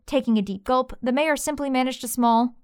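A woman narrating a story with a lively, expressive reading. Her voice sits a little high. The sound is dry and close to the mic. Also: a little fast, smooth, no room sound.

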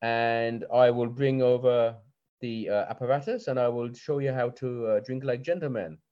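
A tall, elegant winged fae waitress, gracious and formal, speaking in an unhurried, slightly raised tone, as a game master puts her on. The sound is dull and lo-fi, like call audio. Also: medium pitch, mellow, natural voice.

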